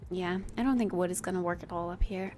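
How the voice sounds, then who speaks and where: A woman's voice: fairly low pitch, quick pace, a little mellow. A woman streamer thinking aloud in a casual, playful way while she builds in a game. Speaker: live streamer.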